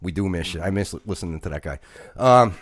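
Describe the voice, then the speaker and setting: A man's voice: low voice, animated, a little fast, dry recording, clean studio sound. A man co-hosting a wrestling podcast, ranting mockingly and calling out a critic by name. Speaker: podcast co-host. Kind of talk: casual podcast rant.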